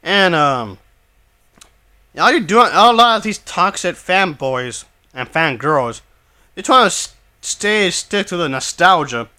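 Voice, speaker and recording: A man giving an opinion commentary, talking in halting bursts with many restarts and repeated phrases, blunt and dismissive in his views. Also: high-pitched, animated, bright, forceful tone. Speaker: video commentator.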